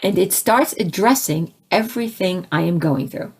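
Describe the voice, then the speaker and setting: A woman with a slightly husky, breathy voice tells a personal spiritual story in a casual, lively way. She imitates sounds and other voices as she goes, and often restarts her sentences. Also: on the low side, normal speed. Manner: frequent restarts, laughs between phrases. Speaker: spiritual speaker.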